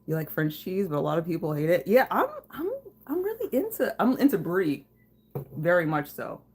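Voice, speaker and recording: A woman's voice: fairly low pitch, sing-song, normal speed, slightly rough. A woman hosting a casual livestream from her home kitchen, reading viewer comments, chatting loosely with lots of fillers and swearing. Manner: casual and profane, laughing, chatty with frequent fillers. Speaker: livestream host.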